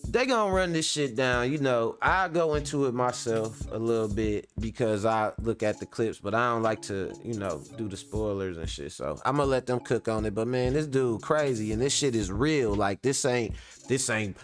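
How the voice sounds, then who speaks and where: A man's voice: medium pitch, moderate pace, faint music behind. A young man hosting a reaction show, joking loosely and profanely as he comments on a clip. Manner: profane, animated, laughing and joking.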